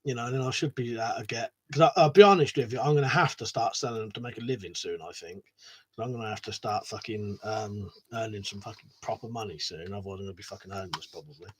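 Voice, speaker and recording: A man's voice: lowish voice, quick pace, a little hiss or hum. Swearing, rambling man on a live stream. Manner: swears a lot, rambling, laughs often. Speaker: livestream host. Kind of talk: casual live stream chat reading comments.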